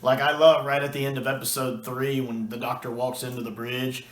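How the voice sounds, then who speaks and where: A man's voice: mid-range voice, little pitch movement, a little fast. Enthusiastic man in a roomy space. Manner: enthusiastic, acts out quoted lines. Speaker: video reviewer. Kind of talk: casual review talk.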